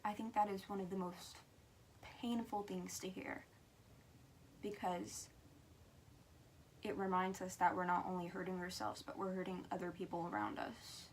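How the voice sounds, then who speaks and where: A woman's voice: fairly low pitch, normal speed, long pauses, slight background noise. A teenage girl talking earnestly and frankly to camera as a vlogger, with emphatic stresses and stretches that drop to a whisper. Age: teen.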